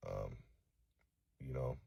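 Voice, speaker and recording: A distraught man from Los Angeles making a halting, profane, remorseful apology video, full of fillers. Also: rumbling low, creaky, mellow, breathy edge, no room sound. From East Los Angeles.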